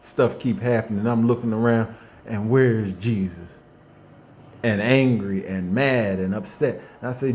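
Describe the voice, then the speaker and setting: A man giving an unscripted faith monologue in a folksy, conversational way. He repeats himself and restarts often, moving between hushed reflection and fired-up bursts. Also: on the low side, fairly even intonation, a little slow. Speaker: motivational faith speaker.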